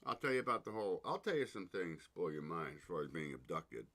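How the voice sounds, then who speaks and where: A man's voice: low-pitched, very animated, fast talker, sharp tone, slight background noise. A man hosting his podcast, chatting loosely, telling a joke and swearing freely. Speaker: podcast host. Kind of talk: casual chat and joke telling.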